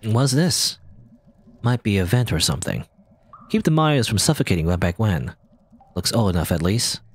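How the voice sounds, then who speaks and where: A man with a fairly low voice hosts a let's play and reads the game's lines aloud. His pitch leaps around a lot as he jokes and comments between the lines. He sounds playful and animated throughout. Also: moderate pace, long pauses, breathy edge. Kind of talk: reading game dialogue aloud with commentary.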